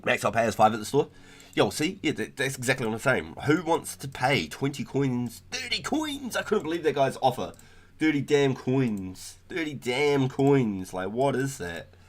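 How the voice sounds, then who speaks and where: A man's voice: medium pitch, animated, brisk. A young man, chatting casually and rambling on a gaming livestream, full of slang like "bro". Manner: laid-back, slangy, rambling with frequent "bro" and "like". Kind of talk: casual gaming stream chat.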